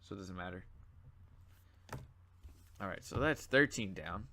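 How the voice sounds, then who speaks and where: A man's voice: low voice, lively intonation, measured pace, pushed and bright. Sleepy, rambling young man gaming. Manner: rambling and chatty, with many fillers and asides. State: sleepy and yawning. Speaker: gaming channel host. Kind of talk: casual gameplay commentary.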